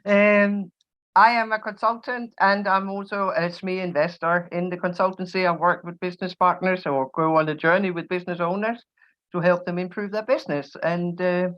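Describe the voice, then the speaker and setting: Lower-voiced woman, dull lo-fi sound. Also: moderate pace. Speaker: business consultant. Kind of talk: self-introduction on a video call. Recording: dull lo-fi audio.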